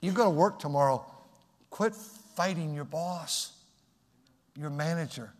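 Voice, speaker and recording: A middle-aged male pastor preaching a sermon in a personal, conversational way, pausing and restarting as he tells a story. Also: fairly high pitch, long reverb tail.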